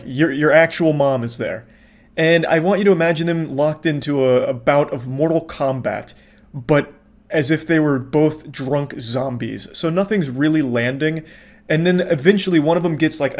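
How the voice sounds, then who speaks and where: A man casually commenting on videos in a sarcastic, profane, deadpan way. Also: on the high side, moderate pace. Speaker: online commentator.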